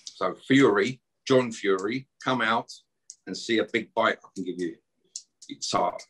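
A man's voice: fairly low pitch, unhurried, a bit bright, slightly rough. A middle-aged man, guest on a podcast, ranting aggressively and swearing and taunting as he talks. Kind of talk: heated podcast rant.

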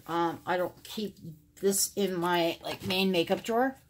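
A middle-aged woman talks casually to her viewers at home, comparing makeup in a rambling, filler-heavy way. Her voice sits on the low side for a woman. A faint hiss runs underneath. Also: unhurried. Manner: chatty, rambling, many fillers. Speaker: beauty vlogger. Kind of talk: casual makeup review to camera. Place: home filming room.

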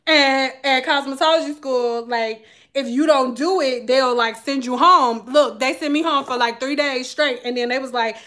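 A woman vlogger telling a story to her viewers in a candid, animated, profane way. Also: high voice, moderate pace. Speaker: vlogger and hair stylist. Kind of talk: casual storytelling to camera.

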